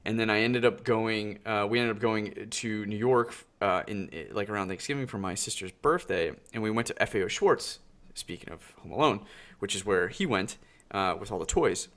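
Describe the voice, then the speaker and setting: A man's voice: lowish voice, moderate pace, a bit bright. A young man hosting a podcast over a call, chatting eagerly and swearing freely. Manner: enthusiastic, swears casually. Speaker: podcast host. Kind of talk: casual chat over a call. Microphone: video call.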